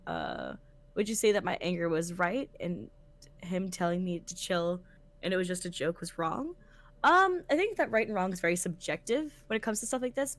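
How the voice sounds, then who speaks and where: A woman co-hosting a podcast in casual chat, talking bluntly and animatedly and swearing freely. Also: fairly low pitch. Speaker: podcast co-host.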